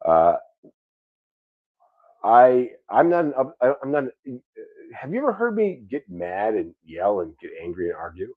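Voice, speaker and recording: A man's voice: medium pitch, huge pitch swings, measured pace, long pauses, dry recording, phone-quality sound. A man in his thirties with a New York accent, hosting a casual chat, rambling with repeated words and casual swearing. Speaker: podcast host.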